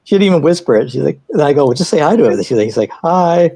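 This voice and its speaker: A man chatting casually on an art livestream, telling rambling anecdotes in an animated way. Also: on the high side, quick pace, gravelly, husky, no echo. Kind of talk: casual chat.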